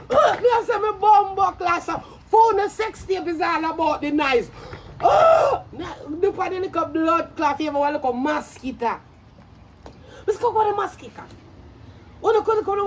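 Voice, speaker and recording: A young Jamaican woman ranting loudly in commentary, profane and brash, bursting into shouts and cackling laughter. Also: very high voice, lively intonation, moderate pace, noisy background. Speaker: social media commentator.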